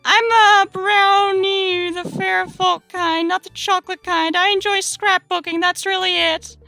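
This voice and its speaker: A woman voicing a frazzled, overworked female brownie baker from fair folk, in an excitable squeaky voice. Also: a little slow, creaky, dry recording, faint music behind, heavily acted. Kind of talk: voice-acting a visual novel.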